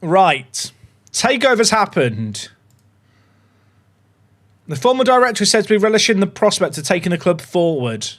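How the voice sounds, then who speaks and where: Excitable man streaming. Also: high voice, fast, few pauses. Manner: chatty, excitable, talks to his dog and chat. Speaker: livestream host. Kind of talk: casual livestream chat.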